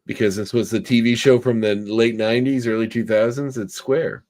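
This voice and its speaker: A man's voice: medium pitch, steady tone, normal speed, darkish tone. A man hosting a casual podcast chat, rambling and correcting himself with many fillers. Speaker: podcast host.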